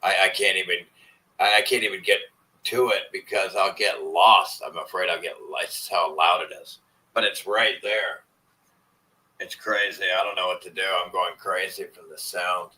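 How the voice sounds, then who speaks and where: A man's voice: deep voice, steady tone, moderate pace, bright, forceful tone, poor audio. A man chatting casually with viewers on a live stream, rambling and swearing as he complains in frustration. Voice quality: profane, rambling. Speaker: vlogger.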